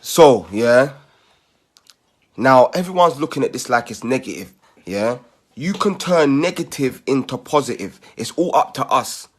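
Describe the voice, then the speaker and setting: A man's voice: medium pitch, animated, measured pace. Rallying man. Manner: rallying, persuasive, repeats "yeah?" as a tag. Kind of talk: community appeal video.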